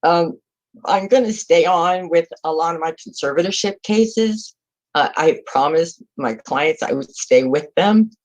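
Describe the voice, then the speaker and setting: A woman's voice: on the low side, unhurried, a little mellow, highs cut off. A woman in her sixties from California, a retiring public defender giving heartfelt, emotional farewell remarks over a video call, close to tears.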